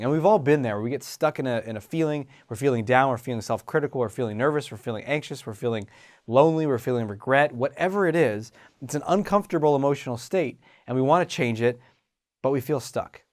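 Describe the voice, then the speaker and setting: Animated male self-help host. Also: mid-range voice, fairly quick. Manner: animated, acts out inner voices, frequent restarts. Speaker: host and confidence coach. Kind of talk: motivational self-help talk.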